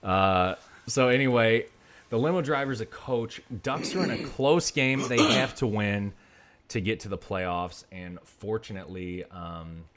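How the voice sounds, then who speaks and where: Man, very low voice, casual podcast movie recap, dry asides. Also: measured pace, fairly bright tone, a little hiss or hum. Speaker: podcast co-host. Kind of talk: casual movie review chat.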